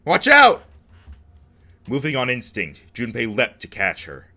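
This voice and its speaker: A man's voice: mid-range voice, lively intonation, moderate pace, bright, forceful tone. A man reading game text aloud and cracking jokes between the lines as he plays. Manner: joking asides between dramatic narration. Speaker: let's play host.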